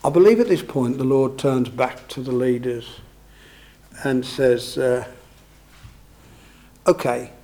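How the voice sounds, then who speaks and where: This sermon comes from a man with a gravelly, creaky, mid-pitched voice and a dark tone, who works through the scripture verse by verse. He speaks slowly with long pauses, explaining conversationally and repeatedly checking in through tag questions.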